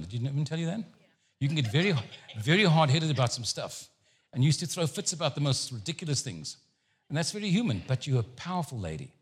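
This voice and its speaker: A man preaching a sermon as a guest speaker, telling stories with jokes and an animated, lively delivery. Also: mid-range voice, husky. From Jewish background. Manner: animated, joking storyteller.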